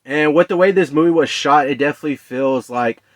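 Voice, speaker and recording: A man giving a casual, rambling movie review in a relaxed, conversational way, with many fillers and restarts. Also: a little high, a little fast, dry recording.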